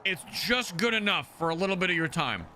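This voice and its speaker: A man's voice: high voice, fairly quick, a little hiss or hum. A man streaming a game live, chatting casually with heavy swearing and stammered restarts. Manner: profane, animated, frequent stammering restarts. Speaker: gaming streamer. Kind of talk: casual live-stream chat while playing.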